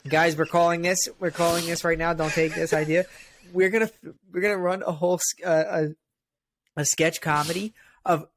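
A young man co-hosting a casual comedy podcast, riffing excitedly and building on the joke. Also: a little high, moderate pace, a little hiss or hum. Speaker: podcast co-host.

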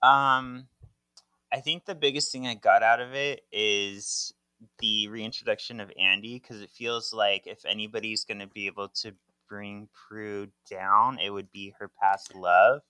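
A man co-hosting a podcast, chatting casually and relaxed with some hesitation. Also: on the low side, unhurried, clean tone, no room sound, rough recording. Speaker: podcast co-host. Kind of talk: casual chat.

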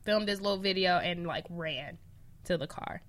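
A woman co-hosting a casual pop culture chat, playful and quick to laugh. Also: fairly low pitch. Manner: playful, laughs often, animated. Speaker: co-host.

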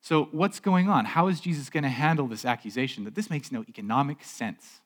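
A man's voice: mid-range voice, a little fast. A male pastor delivers a sermon from a church stage in a middle-range voice. He talks loosely and conversationally, often restarting or repeating a word. He keeps drawing in the congregation with rhetorical questions.

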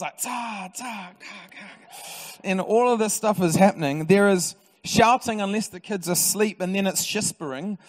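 A New man delivers a sermon from a church stage, telling stories with lively humour. His voice sits slightly high, and a long reverb trails behind it through the hall. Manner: lively, storytelling preacher with humour. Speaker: pastor. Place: church auditorium.

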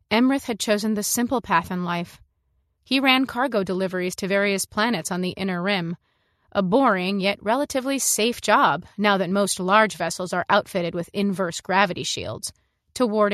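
A woman narrating a science fiction story in the first person, in a measured, reflective way. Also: mid-range voice, fairly bright tone, dry recording, clean studio sound. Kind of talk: scripted narration.

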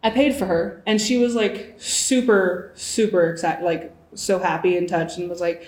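A woman's voice: lowish voice, steady tone, normal speed, a little mellow, echoey room. A woman in her early twenties, a guest in a casual chat, talking freely and acting out the voices she quotes. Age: 20s. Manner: chatty, acts out quoted voices.

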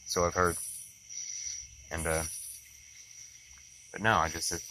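A man's voice: low-pitched, fairly even intonation, slow, noisy background. A young man, rambling and reflective in a casual daily video diary about being a father. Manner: rambling, reflective, with many fillers and restarts. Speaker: vlogger, father.

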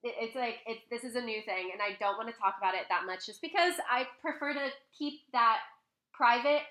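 A young woman vlogger telling a personal story in a casual, chatty way at home, full of fillers and animated quoting. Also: on the high side, a little fast, echoey room. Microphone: laptop mic, close.

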